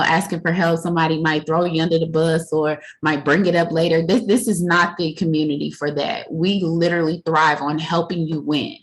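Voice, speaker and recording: A woman's voice: low voice, rough recording. A woman giving a motivational pep talk on a group video call, direct and coaching, repeating her key points. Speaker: team member speaking on a group video call.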